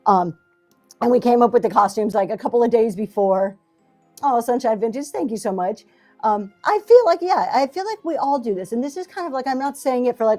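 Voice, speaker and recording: A middle-aged livestream seller and talk show host chats to viewers from her home basement in a slightly high, animated, dark-toned voice, speaking fairly quickly over soft background music. Addressing the camera in front of her, she rambles, pokes fun at herself and encourages, with lots of fillers and restarts.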